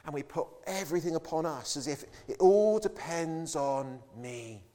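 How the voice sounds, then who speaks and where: A man's voice: on the high side, expressive, normal speed, mellow. A man preaching a sermon with emphatic delivery, acting out the voices of biblical figures in the quotes.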